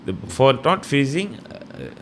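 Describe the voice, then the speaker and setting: A man with a Malaysian English accent, talking casually as an interview guest. His speech is rambling and animated, full of fillers and restarts, at a mid-range pitch. A faint hum sits under the recording. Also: a little slow. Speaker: stand-up comedian guest.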